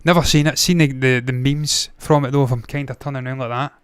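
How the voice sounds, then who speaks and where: A man's voice: mid-range voice, fairly even intonation, fast, clean tone, dry recording. A man hosting a movie news show, talking casually with blunt, profane opinions and frequent tangents. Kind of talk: casual solo commentary.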